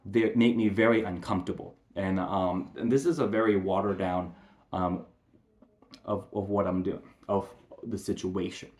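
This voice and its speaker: A young man telling a personal story to the camera, halting with many fillers and restarts, growing heated when he recounts a confrontation. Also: sits low, fairly even intonation, darkish tone. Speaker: veteran telling his story.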